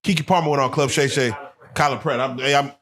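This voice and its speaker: A man hosting an interview, relaxed and agreeable, asking his guest questions. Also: mid-range voice, fast. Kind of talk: casual interview talk.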